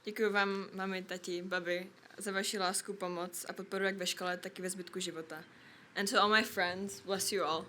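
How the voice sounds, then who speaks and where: A graduating teen girl speaks in a bright, clear voice, heartfelt and steady. A faint hiss of outdoor air runs beneath her words. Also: mid-range voice, fairly quick, few pauses. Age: late teens. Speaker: graduating student.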